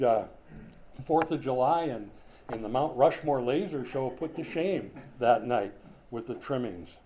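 A man's voice: mid-range voice, warm tone, slight background noise. An older man preaching a sermon in a conversational, folksy way, with chatty asides and small jokes. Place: room with a whiteboard.

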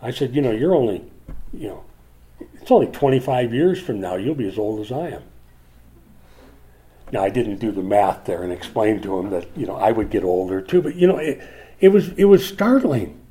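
Older male pastor, mellow animated preaching. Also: normal speed, pauses often, low-quality recording. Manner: animated preaching, drops soft for asides, rises high for pleading. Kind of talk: sermon.

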